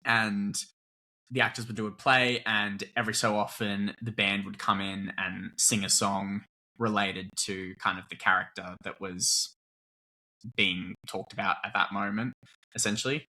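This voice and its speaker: Bright-voiced Australian man, easygoing. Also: lowish voice, level tone, measured pace. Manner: laughs often, easygoing, rambles. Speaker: actor, guest. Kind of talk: casual interview chat.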